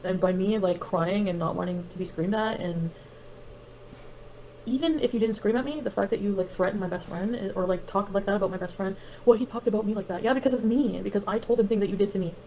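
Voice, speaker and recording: A woman on a livestream, explaining herself in a halting, defensive way with many fillers. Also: mid-range voice, warm tone, slight background noise, low-quality recording. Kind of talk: livestream talk.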